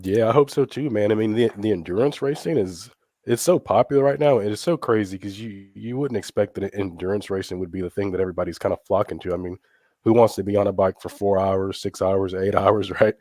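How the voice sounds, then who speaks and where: A man co-hosting a motorcycle talk show, his voice raspy from getting over a flu, chatting in a laid-back, rambling way. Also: lowish voice, steady tone, a little fast, warm tone, no room sound, studio quality. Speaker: podcast co-host. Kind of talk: casual chat.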